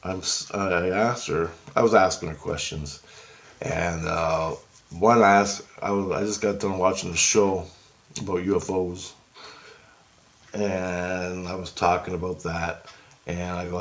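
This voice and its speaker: A man with a low, gravelly voice tells a rambling story straight to camera. He gets excitable as he goes and keeps quoting each side of a conversation back and forth. It has the loose, unscripted feel of a casual vlog monologue. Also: a little slow. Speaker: vlogger.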